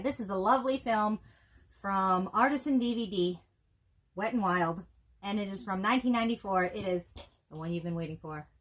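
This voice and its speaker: A woman's voice: mid-range voice, fairly bright tone. Wry woman reviewing movies casually. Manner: wry, dry joking asides. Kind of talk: casual chat.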